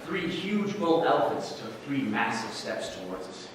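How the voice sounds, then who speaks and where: A Canadian man tells a story to a live audience in a large hall, with playful timing and a lively, wide-ranging voice. The sound is distant and echoing, with a long reverb tail. Audience murmur sits underneath. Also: mid-range voice, moderate pace. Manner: animated, playful, audience-engaging. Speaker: speech contestant. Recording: echoey hall, distant mic, audience noise.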